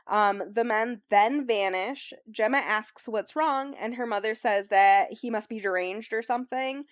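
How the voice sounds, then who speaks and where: A woman's voice: fairly high pitch, no room sound, studio quality. A young woman casually summarizing a novel on a podcast, rambling with lots of likes and ums. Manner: rambling, filler-heavy, says "like" and "um" often. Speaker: book club host recapping the book.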